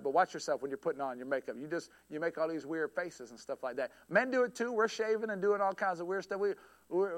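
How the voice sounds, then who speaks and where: A pastor preaching a folksy, joking, conversational sermon. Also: male voice, high-pitched, fairly bright tone.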